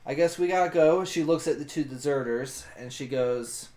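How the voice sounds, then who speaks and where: A man's voice: fairly high pitch, moderate pace, a little mellow. A man narrating and acting out his character's actions in a tabletop role-playing game. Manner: storytelling, voices his character's lines. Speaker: tabletop player. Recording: echoey room.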